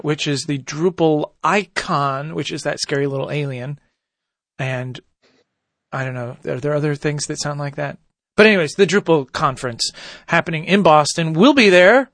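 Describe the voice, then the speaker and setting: A man hosts a casual podcast in a slightly high voice, rambling with many fillers and restarts. He sits close to the mic, and the sound is dry with no room around it. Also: a bit bright, no echo. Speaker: podcast host.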